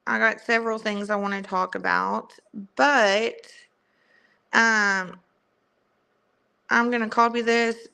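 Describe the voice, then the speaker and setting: Young Southern woman host, bright clear voice, unhurried casual livestream chat. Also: a little high, level tone. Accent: strong Southern US. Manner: chatty, greets viewers by name.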